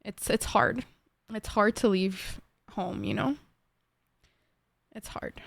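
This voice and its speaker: A young woman with an Egyptian accent chats with her stream audience, lively and quick to laugh, her voice sitting in a middle pitch. The sound is close and dry, with no room around it. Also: vocal fry, dry recording. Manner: chatty, animated, laughs easily, bursts into song. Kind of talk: casual chat with viewers.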